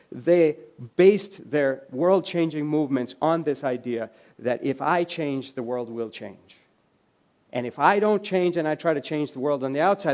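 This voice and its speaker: Man giving a storytelling keynote, higher voice. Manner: conversational, anecdotal, quiet voices for quoted lines. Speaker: keynote speaker. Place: lecture hall.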